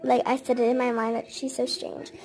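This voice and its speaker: A woman's voice: a little high, flat delivery, a little fast, a little mellow, rough recording. A woman chattily retelling a babysitting story, acting out the quoted dialogue as she goes. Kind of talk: casual spoken storytime.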